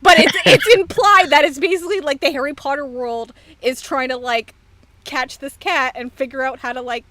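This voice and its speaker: A woman hosts a casual podcast chat, rambling through her thoughts and laughing easily. Her voice sits a bit high for a woman. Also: steady tone, normal speed, bright, forceful tone, no room sound. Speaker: podcast host.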